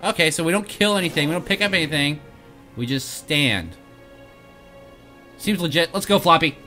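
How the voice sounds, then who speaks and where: Playful, animated gaming host. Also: male voice, fairly high pitch, normal speed, soft background music. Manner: playful, jokey, laughs at himself. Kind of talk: let's play commentary reading quest text.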